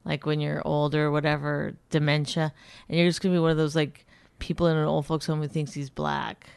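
Brief: thirties woman, gravelly fry, exasperated podcast co-host, dry close mic. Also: low-pitched, flat delivery, darkish tone, no echo. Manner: exasperated, quick to snap back. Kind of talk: casual bickering chat.

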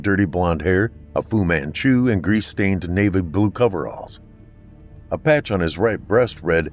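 A man steadily narrating a scripted horror story in a measured storytelling voice. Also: sits low, lively intonation, soft background music.

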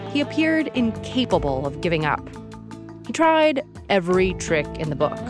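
A woman hosting an investigative podcast, narrating in a measured, serious way. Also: medium pitch. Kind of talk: scripted narration.

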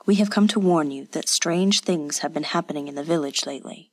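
In a dry audiobook recording, a woman with a deep voice plays a calm, watchful male village official. Her delivery is measured, firm, and formal.

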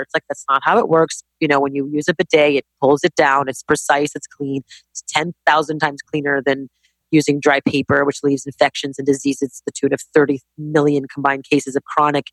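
A woman in her forties, a business-owner guest in a casual interview, talking in an emphatic, animated, rapid way. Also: deep voice, no echo. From Canada. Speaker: guest entrepreneur.

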